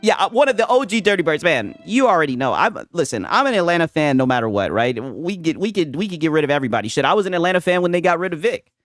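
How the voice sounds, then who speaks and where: Heated profane male streamer, lively pitch. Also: fast talker, no room sound, studio quality, faint music behind. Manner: profane, heated, keeps tagging "right?". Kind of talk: casual livestream rant.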